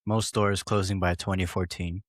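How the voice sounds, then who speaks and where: A man's voice: low-pitched, flat delivery, moderate pace, no room sound, clean studio sound. A man co-hosting a casual podcast who reads facts aloud in a matter-of-fact way. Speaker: podcast co-host.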